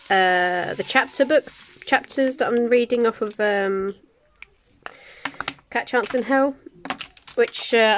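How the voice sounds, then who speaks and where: Brief: chatty woman host, mid-pitched voice, casual craft-table chat, mutters numbers as she works. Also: slight background noise. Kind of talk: casual chat while kitting up a diamond painting.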